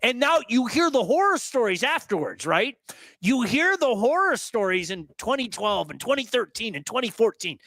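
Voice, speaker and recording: A man hosting a casual hockey talk show, telling blunt, animated stories and repeating words for emphasis. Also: very high-pitched, moderate pace, dry recording. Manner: blunt, swears.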